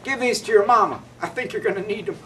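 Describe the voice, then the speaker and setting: A man's voice: high voice, fast, far from the mic, noisy background, pitched above the performer's own voice, close to an everyday voice. A man doing a chuckling kindly old wizard.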